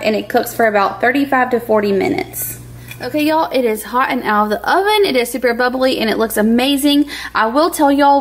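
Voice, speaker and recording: A young woman, chatting casually to viewers while she cooks in her home kitchen. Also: on the high side. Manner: chatty, addresses viewers as y'all. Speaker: cooking vlogger. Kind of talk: casual cooking vlog.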